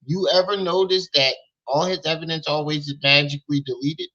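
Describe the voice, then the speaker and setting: A man's voice: fairly high pitch, fairly even intonation, brisk, pushed and bright, highs cut off. A man hosting a reaction stream who mocks and questions what he hears in disbelief. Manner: mocking, incredulous, repetitive questions. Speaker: reaction channel host. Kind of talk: mocking reaction commentary.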